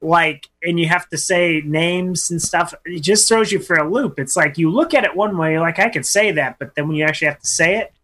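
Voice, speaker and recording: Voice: mid-range voice, fairly quick, few pauses, pushed and bright. A radio co-host in casual banter who laughs a lot and breaks into silly voices.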